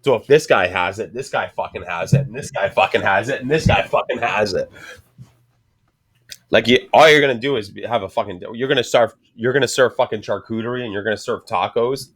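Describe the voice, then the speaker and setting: A man's voice: fairly low pitch, brisk, a bit bright, husky. A man from Ontario in casual podcast chat, crude and swearing heavily. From Ontario, Canada. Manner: crude, heavy swearing, laughs a lot.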